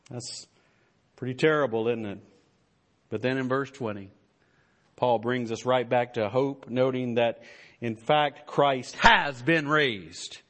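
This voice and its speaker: A man preaching a sermon as pastor, in an emphatic style that builds to stressed declarations. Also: fairly high pitch.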